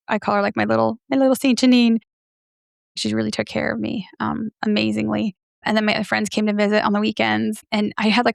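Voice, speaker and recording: Gravelly-voiced woman telling her story. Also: medium pitch, no echo, clean studio sound. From from near New York City. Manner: earnest, animated storytelling, acts out quoted dialogue. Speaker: podcast host sharing her story. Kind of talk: candid personal interview.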